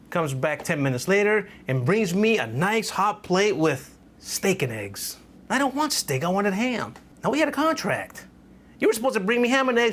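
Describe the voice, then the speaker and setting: Lively man teaching real estate law. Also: a little high, slight background noise. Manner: lively, playful, acts out little scenes. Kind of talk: animated exam-prep lesson.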